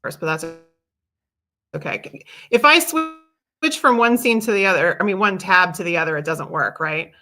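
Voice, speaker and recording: A woman's voice: fairly low pitch, animated, moderate pace, bright, forceful tone. A woman hosting a livestream in casual chat, chatty and self-deprecating, laughing often. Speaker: livestream host.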